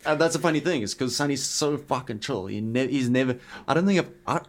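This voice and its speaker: A man's voice: medium pitch, expressive, a little fast. Swearing man in laid-back podcast banter. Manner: swears often, agrees a lot with "bro, a hundred percent". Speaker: podcast co-host. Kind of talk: casual chat.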